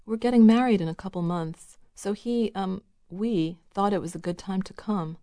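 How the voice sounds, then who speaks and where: A woman reading the lines of a nervous young woman who speaks haltingly to her estranged father. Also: mid-range voice, warm tone, no room sound, studio quality, close to an everyday voice. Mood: hesitant. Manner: hesitant, halting.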